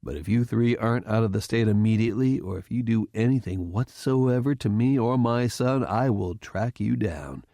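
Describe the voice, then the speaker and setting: A man voicing a furious retired general who speaks in a low, cold, threatening way. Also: normal speed, hardly any pauses, mellow, no echo, clean studio sound, natural voice. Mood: menacing.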